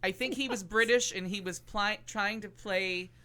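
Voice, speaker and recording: A man co-hosting a talk show, chatting casually and with strong opinions about movies, swearing freely and pausing on fillers. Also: sits high, a little hiss or hum. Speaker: podcast co-host. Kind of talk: casual chat reviewing movies.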